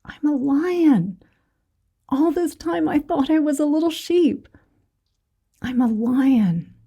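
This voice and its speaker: A woman voicing a frightened young male lion cub who believes he is a sheep, in a higher, softer, pleading voice. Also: moderate pace. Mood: awed. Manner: pleading, timid.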